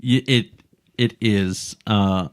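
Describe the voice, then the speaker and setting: A man hosting a podcast in casual chat, relaxed and laughing along as he reads things out. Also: lowish voice, slow pace.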